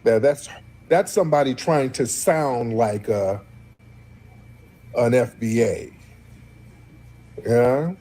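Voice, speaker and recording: Husky man hosting a blunt call-in show. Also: mid-range voice, takes it slowly, pauses often, mellow. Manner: blunt, mocking, questioning callers. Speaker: show host.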